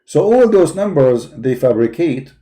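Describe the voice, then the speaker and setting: Mocking, combative man with a dark voice. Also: on the high side, big pitch swings, measured pace. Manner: mocking, insulting, emphatic repetition. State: tired voice. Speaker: host of a live call-in debate stream. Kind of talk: combative livestream commentary while searching a website.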